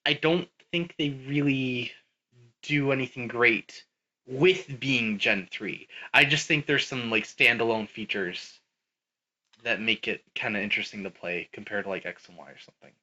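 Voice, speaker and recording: A man's voice: mid-range voice, moderate pace, bright, forceful tone, lo-fi sound. A man co-hosting a podcast, talking casually and animatedly about games, swearing now and then. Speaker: podcast co-host. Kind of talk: casual gaming chat.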